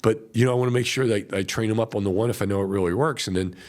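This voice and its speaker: A middle-aged man with a lowish voice coaches in a loose conversational way. He talks with animation and slips into the voices of clients as he explains his method. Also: racing. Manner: animated storyteller, acts out client quotes. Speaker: veteran wholesaler guest.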